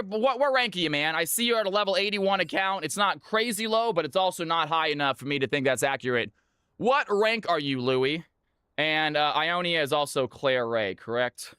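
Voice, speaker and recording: A man hosting viewer games on a live stream, talking excitedly and chatting with his audience. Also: a little high, clean tone, dry recording, clean studio sound.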